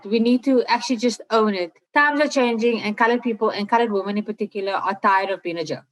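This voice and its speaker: A woman's voice: medium pitch, no echo, low-quality recording. A young married woman from South Africa with a Cape Coloured English accent, co-hosting a podcast in earnest, weary chat with frequent laughs. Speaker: podcast co-host.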